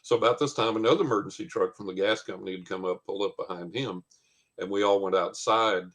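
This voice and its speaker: A man's voice: fairly low pitch, fast, a bit bright. A man, telling a long personal story as a guest, with lots of fillers and quoted dialogue. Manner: rambling anecdote with many fillers and quoted dialogue. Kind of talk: casual storytelling.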